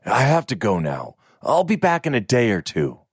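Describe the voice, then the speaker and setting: A man voicing a tired, guarded young swordsman who grumbles his lines, slightly above his usual pitch. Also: huge pitch swings, moderate pace, breathy edge, no echo, studio quality. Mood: subdued.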